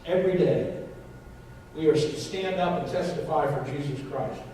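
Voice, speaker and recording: Male pastor, high voice, emphatic repeated phrases, distant church-hall sound. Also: normal speed, dark tone, slight background noise. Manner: emphatic preaching, repeating phrases, asking the congregation questions. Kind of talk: sermon. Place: church sanctuary.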